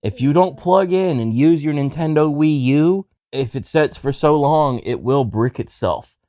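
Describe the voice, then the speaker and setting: A man's voice: on the high side, expressive, measured pace, mellow, no echo, clean studio sound. Rambling male podcast host. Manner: rambling storyteller, crude jokes. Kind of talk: casual comedic chat.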